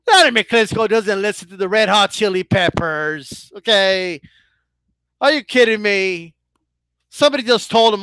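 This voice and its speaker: A man's voice: high-pitched, normal speed, sharp tone, smooth, no echo. A man ranting in a casual vlog as a boxing commentator, swearing freely, stumbling into restarts and keeps asking his viewers "right?". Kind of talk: casual opinion rant.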